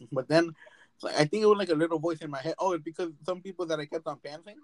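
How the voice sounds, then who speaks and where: A man's voice: on the high side, fast talker, poor audio. A young man hosting a casual podcast chat, telling stories with lots of swearing and laughter. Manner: storytelling, swears freely, laughs often. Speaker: podcast host.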